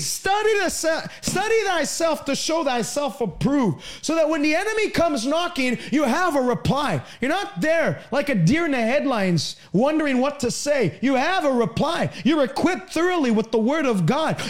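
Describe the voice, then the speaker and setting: A man delivers a broadcast sermon in a very high voice. He presses his points emphatically, swinging from raised pleading lines to low, quieter asides. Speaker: preacher.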